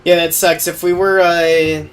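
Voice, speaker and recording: A man's voice: on the high side, level tone, moderate pace. A man casually talking through his own sim race, laid-back and full of fillers. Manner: laid-back, filler-heavy, thinking aloud while driving. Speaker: sim racing streamer.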